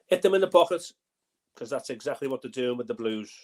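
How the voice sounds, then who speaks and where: An older man co-hosting a football fan chat, animated, with pushy asides. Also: medium pitch, fast talker. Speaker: fan channel co-host.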